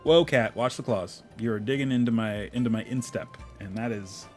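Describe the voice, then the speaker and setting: A man's voice: fairly low pitch, normal speed, soft background music. A young man giving casual, playful commentary while he plays a game and talks to his cat. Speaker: game streamer.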